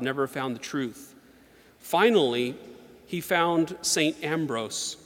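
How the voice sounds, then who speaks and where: A man giving a sermon in an earnest, measured way, reading slowly and with emphasis. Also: on the high side. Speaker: preacher. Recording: long hall reverb.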